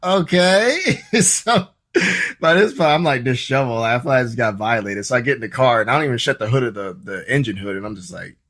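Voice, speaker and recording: A man from Ohio telling a story as a podcast guest, casual and animated, swearing freely and acting out his own reactions. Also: medium pitch, fairly quick. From Ohio, USA.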